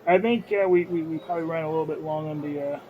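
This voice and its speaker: A man with a fairly high voice jokes his way through podcast banter, leaning on "uh" and "um". His sound comes through dull and lo-fi. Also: steady tone, quick pace. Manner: joking, filler-heavy. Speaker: podcast co-host. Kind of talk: casual chat.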